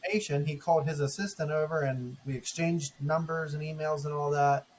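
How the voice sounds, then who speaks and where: A man with a slightly high-pitched voice tells a story on a podcast in casual chat. He acts out both sides of every exchange with plenty of energy. A faint hiss sits under the recording. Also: fairly even intonation, fairly quick. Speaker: podcast co-host.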